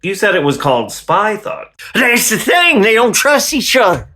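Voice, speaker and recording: A man performing absurdist sketch comedy and switching quickly between characters. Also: high voice. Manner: bright, lively, quick shifts between characters.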